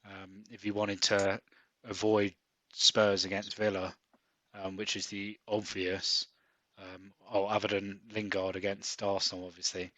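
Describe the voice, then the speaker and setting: A man co-hosting a podcast in casual chat, pausing often with ums and restarts. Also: low-pitched, monotone, a bit bright, no room sound. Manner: hesitant, many ums and restarts. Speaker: podcast co-host. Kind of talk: casual chat about fantasy football.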